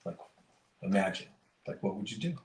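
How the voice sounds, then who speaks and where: A man's voice: deep voice, expressive, moderate pace. Rambling man telling stories on a podcast. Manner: rambling, self-correcting, chuckling storyteller. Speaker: podcast host. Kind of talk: casual chat and joke telling. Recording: roomy, distant mic.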